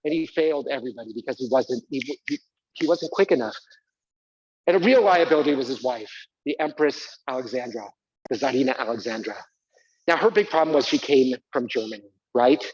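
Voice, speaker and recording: A man's voice: mid-range voice, animated, brisk, darkish tone, husky, no echo, lo-fi sound. A man performing a live one-man stage show, talking theatrically and prodding the audience to join in. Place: community center stage.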